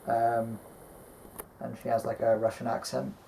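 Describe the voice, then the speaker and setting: Casual collector co-host, male, creaky voice, loose and rambly, swears a lot. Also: mid-range voice, flat delivery, measured pace, dark tone, slight background noise, low-quality recording. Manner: rambling, swears freely, many ums. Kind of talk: casual chat showing a collection.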